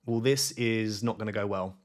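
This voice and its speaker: A man giving live gameplay commentary, thinking aloud in an excitable, self-questioning way. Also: fairly low pitch, moderate pace. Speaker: gaming YouTuber.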